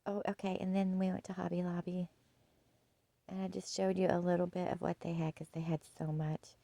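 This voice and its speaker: A woman chatting casually through a home decor haul, gushing and soft-spoken, often dropping to a hush. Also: on the low side, level tone, brisk, creaky, dry recording, rough recording. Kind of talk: casual shopping haul chat.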